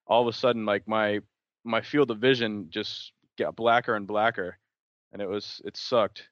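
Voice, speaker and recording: A man's voice: fairly low pitch, fairly even intonation, moderate pace, no echo. A man on a podcast telling a story in a rambling, hesitant way. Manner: rambling, hesitant, lots of fillers. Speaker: podcast co-host. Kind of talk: casual storytelling chat. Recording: dull, dry lo-fi audio.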